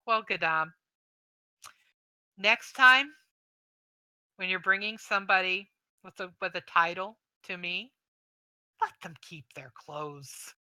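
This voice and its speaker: A stern older dwarf king holds court, slow and commanding, as a woman voices him. The voice is bright and crisp, recorded close and dry. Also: lowish voice, no room sound, heavily acted.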